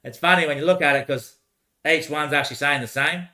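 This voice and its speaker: Young man, bright tense voice, loose rambling monologue full of repeats and swearing. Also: fairly high pitch, fairly quick. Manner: repeats short phrases over and over, swears, laughs often; trails off into quiet mutters.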